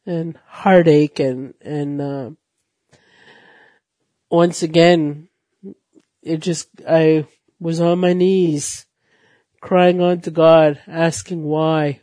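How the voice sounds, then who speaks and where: A speaker giving a personal faith testimony, halting and emotional, with pauses and repeated phrases. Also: medium pitch, dark tone, no echo. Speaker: guest sharing a personal testimony.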